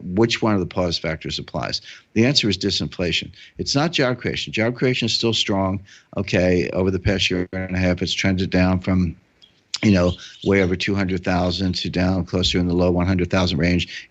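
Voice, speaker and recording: A man's voice: low-pitched, highs cut off. A man answering interview questions in a podcast, explaining step by step with frequent fillers and restarts. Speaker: guest economic commentator.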